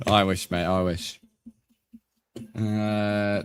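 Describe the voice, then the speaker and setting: A man's voice: on the low side, fairly even intonation, slow pace, long pauses. A young man streaming a game live, chatting casually with viewers and swearing freely. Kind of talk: live gaming commentary, reading chat.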